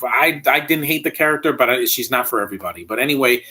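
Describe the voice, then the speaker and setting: A man's voice: medium pitch, fast talker, sharp tone, breathy edge. A man giving a casual spoken review as a YouTube channel host. He talks bluntly, rambles and often restarts his sentences.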